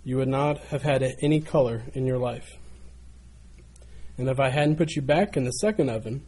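A man voicing a patient, kind potter who gently explains why he shaped the teacup. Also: medium pitch, moderate pace, breathy edge, close to an everyday voice. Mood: gentle.

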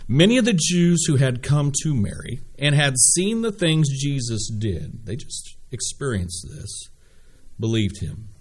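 A man preaching a sermon in a folksy, animated way, reading scripture and acting out the people in it. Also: medium pitch, breathy edge.

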